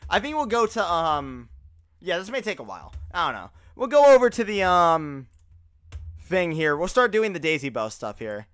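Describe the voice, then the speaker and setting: Bright, excitable young streamer guy. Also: high voice, moderate pace, clean tone, dry recording, clean studio sound. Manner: excitable, laughs often, uses fillers like bro. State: tired. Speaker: livestreamer. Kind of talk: casual live reaction chat.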